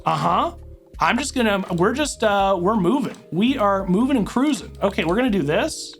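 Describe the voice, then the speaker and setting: A woman's voice: medium pitch, lively intonation, normal speed, faint music behind. A woman commentating her own online chess game as she plays, thinking aloud move by move with dramatic outbursts. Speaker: chess streamer. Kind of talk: live commentary while playing online chess.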